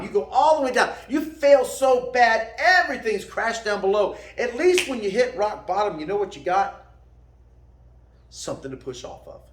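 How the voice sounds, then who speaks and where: A man teaching martial arts gives a casual motivational talk, laughing at his own jokes. His voice sits high and swings widely in pitch. The room around him echoes. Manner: animated, folksy, laughs at own jokes, calls listener "man".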